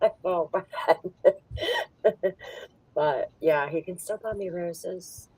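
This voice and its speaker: A woman's voice: on the low side, drawn-out words, darkish tone, breathy edge, no echo, far from the mic, poor audio. A woman chatting casually on a video call, telling a story with frequent laughter and acting out the other people in it. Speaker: host.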